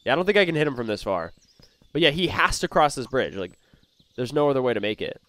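A young gaming YouTuber gives excited commentary on his gameplay, swinging from hushed muttering to loud outbursts. He talks fast in a mid-range voice.

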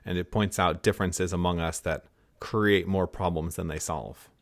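A man's voice: deep voice, steady tone, moderate pace, gravelly, no room sound, clean studio sound. A man interviewing a guest, agreeing and building on his point.

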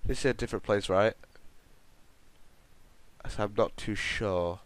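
A man with a lowish, unhurried voice plays through a game on video, chatting to his viewers with rambling commentary and plenty of jokes.

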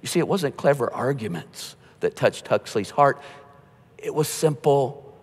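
A man preaching a sermon as pastor, conversational, with joking asides and quietly told stories. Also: fairly high pitch, normal speed. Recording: long hall reverb.

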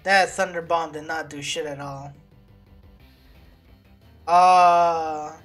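A woman giving casual gameplay commentary, excitable and swearing as she reacts to setbacks. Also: low voice, drawn-out words, long pauses. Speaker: let's play gamer. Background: game music.

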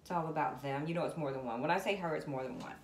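Woman, tarot reader, casual reading to camera, chatty, lowish voice, noisy echoey room. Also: very fast. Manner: chatty, talks straight to viewers and to spirit. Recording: echoey room with background noise.

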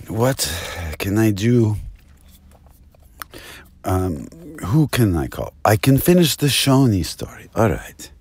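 A man's voice: on the low side, sing-song, slow pace, long pauses, darkish tone, slightly rough. A man delivering a rambling improvised comic monologue, jumping between topics and cutting himself off. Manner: rambling, jumps between topics, self-interrupting. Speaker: comedic monologuist.

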